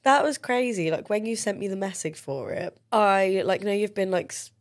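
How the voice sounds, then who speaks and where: A woman's voice: medium pitch, animated, moderate pace. A woman chatting as a guest on her brother's podcast, supportive and full of "like". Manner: supportive, giggly, fillers of "like". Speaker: podcast guest, host's sister. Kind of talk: casual chat.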